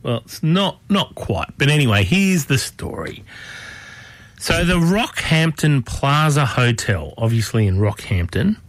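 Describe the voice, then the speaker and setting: A man's voice: mid-range voice, no echo. A man hosting a radio show, chatting casually and rambling with plenty of fillers and restarts.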